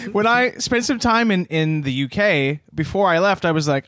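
A man's voice: sits high, animated, normal speed, a bit bright. A man with a Canadian accent hosting a podcast, telling wry stories in casual chat. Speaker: podcast host.

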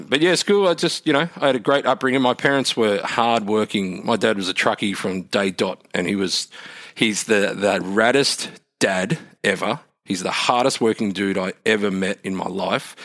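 A man's voice: lowish voice, a bit bright. A man with an Australian accent in his thirties, chatting casually as a guest, laid-back and swearing freely. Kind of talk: casual interview chat.

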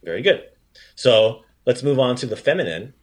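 This podcast host teaches a relaxed, casual language lesson, his mid-pitched voice upbeat and encouraging. He offers frequent praise and repeats each phrase slowly to model it for listeners.

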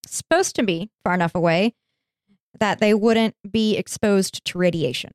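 A woman's voice: mid-range voice, moderate pace, dry recording, studio quality. A woman hosting an educational podcast, narrating history casually with jokey asides and easy laughs. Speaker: podcast host.

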